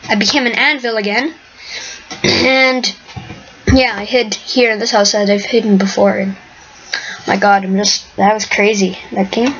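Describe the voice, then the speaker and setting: A woman's voice: mid-range voice, steady tone, a little slow, long pauses, a bit bright, breathy edge. A woman hosting her own game video, commenting live on play in a rambling, chatty way and sometimes dropping to a whisper. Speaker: host, gamer. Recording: dull lo-fi mic with faint hiss.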